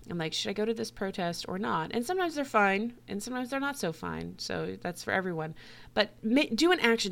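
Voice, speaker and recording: Woman podcaster ranting, swears a lot, laughs between points, mid-pitched voice. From United States. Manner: blunt, profane, laughing, animated. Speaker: podcast host. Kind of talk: casual monologue rant.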